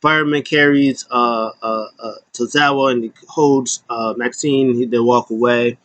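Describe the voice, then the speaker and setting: A man casually recapping a wrestling show, rambling and animated, with lots of fillers. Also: mid-range voice, a little slow, dry recording.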